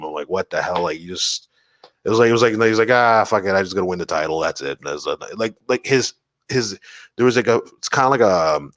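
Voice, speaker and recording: A man's voice: on the low side, fairly bright tone, dry recording. A man hosting a casual podcast, rambling and swearing, full of fillers like "like" and "man". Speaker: podcast host. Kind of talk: casual solo podcast chat.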